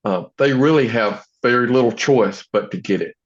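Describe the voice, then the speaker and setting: A man's voice: medium pitch, moderate pace. Earnest, firm-spoken man with a dull sound. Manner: earnest, firm, speaks in short affirming phrases. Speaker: chiropractor, podcast co-host. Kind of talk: casual chat.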